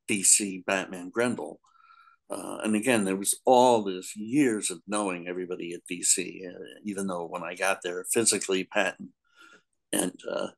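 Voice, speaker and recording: A man in his sixties, a guest in an interview, telling stories in a casual, animated way, laughing often and acting out other people's lines. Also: sits low, vocal fry, rough recording. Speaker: guest, comics editor.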